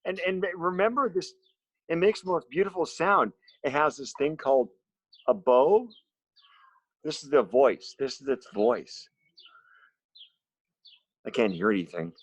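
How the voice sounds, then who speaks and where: A man teaching a music lesson to his students from home, explaining slowly and simply and asking them questions. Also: fairly high pitch, no echo. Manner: slow, simple explanations with lively questions to children. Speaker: special education music teacher.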